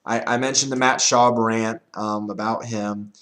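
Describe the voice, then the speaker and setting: A man's voice: on the low side, fairly even intonation, measured pace, fairly bright tone. A young man hosting his own fantasy football show, chatting casually in a rambling way, repeating words and laughing often. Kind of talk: casual monologue.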